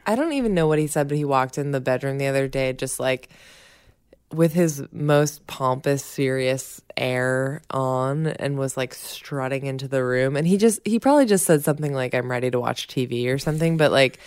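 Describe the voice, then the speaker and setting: A woman's voice: a bass voice, moderate pace, a little mellow, clear, resonant tone, dry recording, studio quality. A woman in her thirties co-hosting a casual chat, wry and teasing, laughing often. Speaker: podcast co-host.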